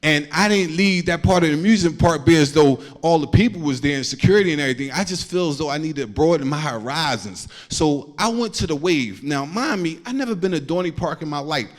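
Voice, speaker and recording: Man, stand-up comedian, slangy storytelling, somewhat high voice, stage mic. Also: expressive, fairly quick, few pauses. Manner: loose slangy storytelling, acts out quotes.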